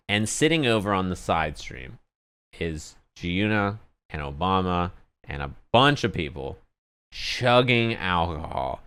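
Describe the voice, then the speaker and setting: Low, smooth-voiced male streamer telling a story. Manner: animated, profane, conversational storytelling. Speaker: streamer and commentator.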